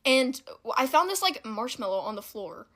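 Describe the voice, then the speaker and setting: A young woman telling a casual story-time anecdote in an animated, giggly and indignant way. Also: high-pitched, moderate pace.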